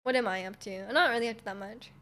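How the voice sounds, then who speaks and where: High-voiced chatty young woman. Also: fast, sharp tone. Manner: chatty and rambling, answers chat questions, many restarts and "like"s. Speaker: livestreamer reading chat. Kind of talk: casual chat with viewers.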